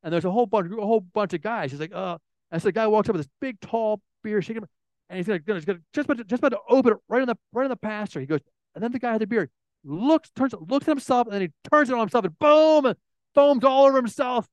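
A man preaching a sermon to a room, telling stories in an animated way with frequent restarts. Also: sits high, racing, no echo. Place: room with an audience.

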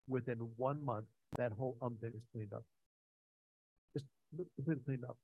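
A man's voice: medium pitch, fairly even intonation, moderate pace, husky, no room sound, narrow, tinny audio. A man preaching a sermon, earnest and conversational, telling personal stories with frequent restarts and fillers. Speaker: pastor.

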